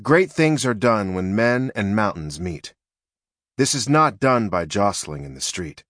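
Reading an audiobook, a man tells the story in an even, measured way. The voice sits on the low side, with clean studio sound and no room sound.

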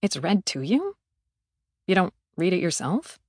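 A woman reading an audiobook, voicing a blunt, sarcastic young heroine who snaps back fast. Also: lowish voice, big pitch swings, darkish tone, husky, no echo, studio quality, pitched below the performer's own voice, full character voice. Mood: snappy. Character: brash, impatient young woman on a space station.

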